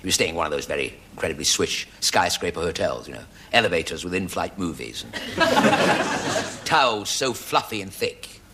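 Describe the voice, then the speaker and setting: A man telling a rambling comic story on stage in a dry, deadpan way. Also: deep voice, moderate pace, background noise. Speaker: comedian. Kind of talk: stage monologue before a live audience.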